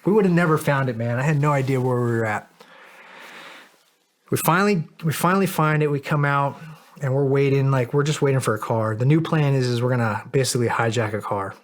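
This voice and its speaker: Middle-aged male guest, casual storyteller, mid-pitched voice, cursing and laughing at himself. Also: fairly quick. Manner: animated, profane, laughs at himself. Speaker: podcast guest.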